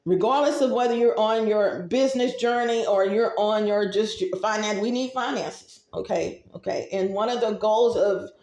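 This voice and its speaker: A woman's voice: mid-range voice, moderate pace, hardly any pauses, a little mellow, roomy sound. A woman vlogger giving casual spiritual advice, chatty and rambling, talking straight to her viewers.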